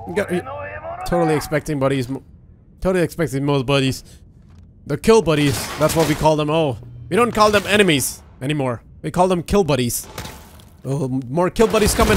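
Guy doing let's play commentary, hyped and swearing, bit high voice, game music and gunshots behind. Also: moderate pace. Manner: excitable, profane, joking, laughing. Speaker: gaming video host.

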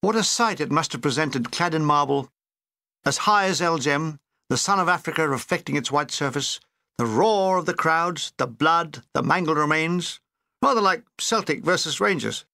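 Brief: older male author-narrator, bright lively voice, dry comic timing, close dry recording. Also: on the high side, moderate pace, gravelly, no room sound. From Britain. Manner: comic, dry, animated delivery. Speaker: author reading his own memoir. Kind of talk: audiobook narration with character voices.

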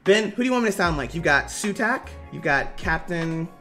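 A man hosting his own game-design stream, with a somewhat high voice. He chats loosely with viewers and calls them by name. He swears freely and keeps things joking. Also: lively intonation, a little fast, fairly bright tone, faint music behind. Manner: casual, joking, profane, talks to chat by name. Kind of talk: casual live-stream chat.

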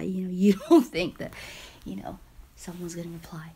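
Breathy, gushing young-sounding woman vlogger. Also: medium pitch, steady tone, measured pace, mellow. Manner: gushing and starstruck, often dropping to a breathy half-whisper. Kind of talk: casual vlog to camera.

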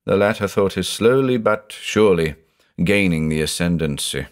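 A man's voice: deep voice, lively intonation, moderate pace. A man voicing a tormented older male judge who is brooding and anguished and says he is haunted by thoughts of murder.

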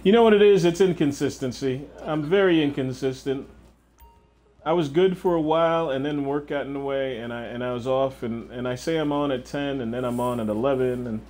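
A man's voice: mid-range voice, moderate pace, a little mellow, faint music behind. Profane young man streaming a game. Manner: casual and profane, answering chat. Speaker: livestreamer. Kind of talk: casual gameplay chat.

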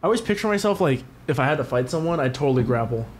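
A man's voice: a little high, rapid-fire, a little hiss or hum. A man co-hosting a podcast in casual chat, telling stories with plenty of profanity. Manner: profane, animated storytelling. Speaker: podcast co-host.

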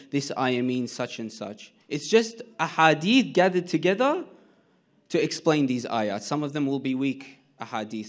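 A man with an Australian accent giving an earnest sermon to a congregation, retelling an old narration with quoted dialogue and addressing the listeners directly. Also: medium pitch. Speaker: speaker giving a nightly religious talk. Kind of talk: sermon-style storytelling talk.

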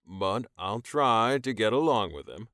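A man's voice: fairly low pitch, lively intonation, measured pace, a bit bright, dry recording, clean studio sound. A man narrating an audiobook, voicing an anxious young man who is eager to please, in a raised, earnest voice. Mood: hesitant. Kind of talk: audiobook character voice.

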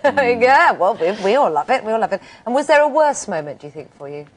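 A woman's voice: fairly high pitch, big pitch swings, a little fast, slight background noise, poor audio. A woman presenting a breakfast TV show, interviewing a guest in an enthusiastic, gushing way. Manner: enthusiastic, gushing, laughs easily. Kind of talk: live TV interview. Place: TV studio.

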